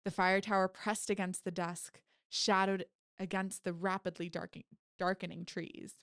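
A woman's voice: medium pitch, moderate pace, smooth, dry recording, clean studio sound. Woman reading her horror story aloud. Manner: lively, self-correcting with laughs. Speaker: author.

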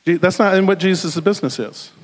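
A man preaching a sermon in a lively, conversational way, often checking in with "right?". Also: high-pitched, quick pace. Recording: long hall reverb.

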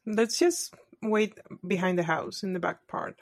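A woman's voice: mid-range voice, measured pace, no echo. A woman playing a tabletop game, earnestly reasoning through her plan. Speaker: player. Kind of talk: casual tabletop play.

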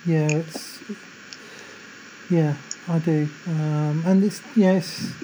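A woman's voice: sits low, fairly even intonation, slow, mellow, slight background noise, rough recording. A woman hosting a podcast, chatty and agreeable, filling her talk with "you know" and "like". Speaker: podcast host. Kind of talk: casual faith podcast chat.

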